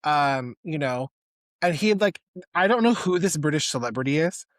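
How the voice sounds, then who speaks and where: Excitable rambling podcast guy. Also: a little high, normal speed, dry recording, clean studio sound. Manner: excitable, rambling, heavy use of "like". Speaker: podcast co-host. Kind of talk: casual chat.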